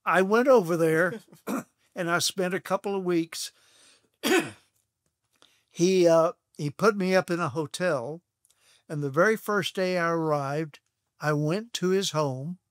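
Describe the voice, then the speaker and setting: An older man from Texas, a guest on an interview show, telling stories from his past in an unhurried, anecdotal way. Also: on the high side, dry recording, studio quality. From Texas, USA. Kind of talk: reminiscing storytelling.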